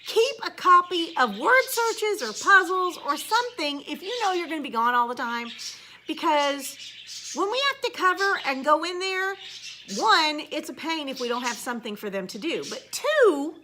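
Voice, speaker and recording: High, lively sarcastic woman. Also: moderate pace, slight background noise. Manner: sarcastic, blunt, swears. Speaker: teacher. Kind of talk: casual ranting vlog.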